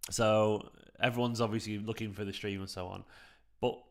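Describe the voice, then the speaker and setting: Low raspy guy whispering into his mic at home late at night, thirties, lots of fry. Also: flat delivery, normal speed. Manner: hushed, half-whispered talk. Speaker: fan channel host streaming a match watchalong. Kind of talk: casual live chat with viewers. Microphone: streaming microphone.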